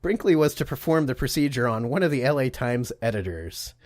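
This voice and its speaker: Here a podcast co-host spins a peculiar history story in a casual, comedic way, full of swearing, jokes and laughter. He has a mid-range voice with lively intonation and a slightly quick pace, in a clean, dry studio recording.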